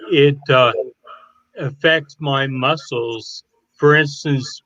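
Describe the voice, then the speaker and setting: A man in his fifties talks as a podcast guest with an upbeat, joking manner and an unhurried pace. The recording is dry and slightly muffled. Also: medium pitch, a bit bright, no echo. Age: 50s. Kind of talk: interview talk.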